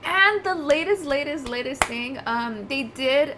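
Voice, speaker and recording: A bubbly woman co-hosting a casual livestream, chatting with viewers and her partner. Her voice sits high and bright in pitch, and she laughs easily. There's a faint hum of room ambience behind her. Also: expressive, a little slow. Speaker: co-host of a livestream.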